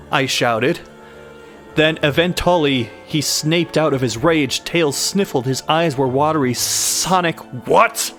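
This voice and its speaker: A man's voice: on the high side, unhurried, fairly bright tone, faint music behind. Young man reading a story, joking. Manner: stumbles over misspellings and breaks into laughter. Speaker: host reading a bad horror story aloud. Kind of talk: comedic live reading.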